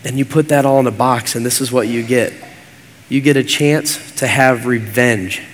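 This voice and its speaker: A man's voice: medium pitch, steady tone, moderate pace, a little hiss or hum. A man preaching a sermon as pastor, earnest and repetitive in his cadence. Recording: long hall reverb.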